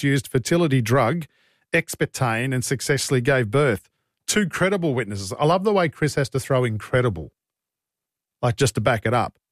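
A man's voice: medium pitch, dry recording, studio quality. A man with an Australian accent hosting talkback radio, blunt and exasperated as he takes calls and reads out texts. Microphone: studio broadcast mic.

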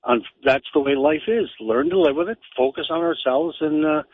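Blunt male caller, husky voice, tinny dry phone line. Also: fairly high pitch, expressive, normal speed, dry recording. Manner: blunt, matter-of-fact. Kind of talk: phone-in opinion.

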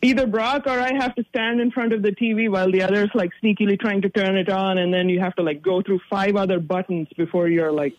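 Sports radio co-host, male, fairly high voice, dry teasing banter. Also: fairly even intonation, fast talker, hardly any pauses, no room sound, lo-fi sound. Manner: teasing, dry needling humor.

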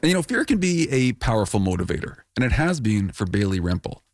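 A man hosting a radio program, presenting and narrating from a script in a clear, steady way. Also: on the low side, fast, no echo, soft background music. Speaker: radio show host.

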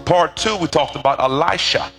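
A man's voice: on the high side, normal speed, creaky, faint music behind. A middle-aged man preaching a sermon, telling stories with animation and calling on the congregation to answer back. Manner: animated storytelling with call-and-response to the congregation. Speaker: pastor.

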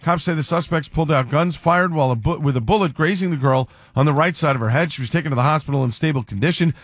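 A male radio news anchor reads the local headlines from a script. He keeps a brisk, even newsreader pace. His voice sits a little high for a man. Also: no echo.

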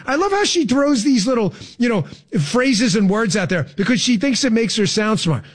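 A man's voice: very high voice, animated, normal speed, hardly any pauses. A male radio talk show host delivering political commentary in a sarcastic, incredulous rant. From Florida resident.

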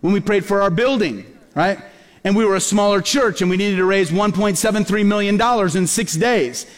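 A male pastor preaching a sermon in a church, telling stories in a lively way and acting out the voices of the people in them. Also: high-pitched, moderate pace. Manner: lively storyteller who acts out quoted voices. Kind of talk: storytelling sermon. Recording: long hall reverb.

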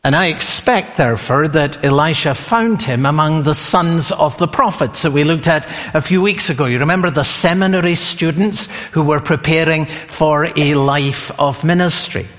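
A man's voice: fairly high pitch, normal speed, hardly any pauses, a bit bright. A man preaching a sermon, telling the story expressively and asking his listeners questions. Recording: long hall reverb.

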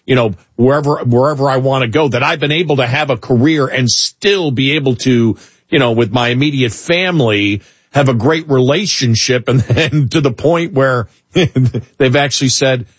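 A man's voice: mid-range voice, normal speed, husky, no echo. A middle-aged man co-hosting a talk radio show, chatting casually with many restarts and an exasperated edge.

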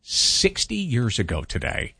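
A man's voice: medium pitch, huge pitch swings, measured pace, creaky, pushed and bright, husky, dry recording, studio quality. A man hosting a morning radio show, chatting in an upbeat, playful way. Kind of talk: casual radio banter. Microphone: studio microphone.

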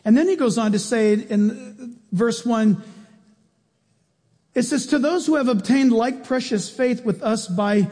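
A man delivers an animated sermon, throwing rhetorical questions at his listeners. His voice sits high and has a husky grain. The long reverb of a large hall trails after his words. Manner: animated, quick swings in pitch and volume, rhetorical questions. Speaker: preacher.

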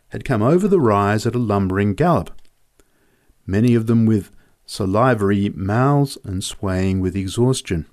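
A man's voice: on the low side, a little mellow. A man narrating a story in a vivid, descriptive reading.

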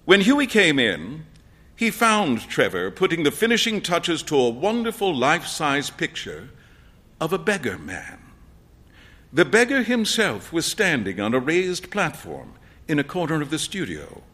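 Guy reading a storybook out loud, bright voice, lots of ups and downs. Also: a little high, a little slow. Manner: expressive, acts out dialogue. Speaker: narrator.

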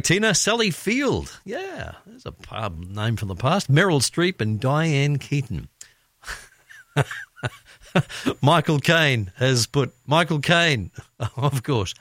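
A man's voice: mid-range voice, dry recording. An Australian man hosting afternoon radio, chatting and laughing as he reads out listener comments. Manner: chatty, laughs often, lively delivery. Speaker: radio presenter. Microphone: studio microphone.

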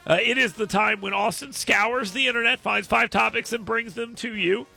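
A man's voice: very high voice, normal speed, creaky, breathy edge, soft background music. A man hosting a show, cracking jokes and laughing in a casual comedic chat. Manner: animated, joking, often laughing. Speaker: show host.

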